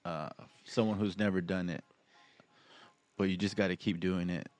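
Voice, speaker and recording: Co-host: man with a lowish voice, earnest, dry studio sound. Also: steady tone, moderate pace, darkish tone, dry recording. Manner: earnest, encouraging. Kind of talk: casual podcast chat.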